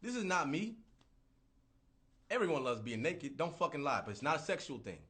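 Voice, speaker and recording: A man hosting a livestream, ranting in a casual, profane, animated way and repeating himself. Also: fairly high pitch, moderate pace. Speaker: livestream host.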